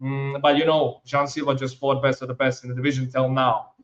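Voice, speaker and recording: A man hosting an interview, asking questions in a halting way with repeated words. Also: mid-range voice, level tone, muffled recording. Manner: halting, repeats words, non-native phrasing. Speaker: interview host.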